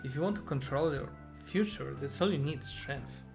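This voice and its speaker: Reading the part of a remorseful, earnest young fortune teller girl from a game, a man keeps to his own plain voice over game music. It's fairly high-pitched and creaky, at an ordinary speed.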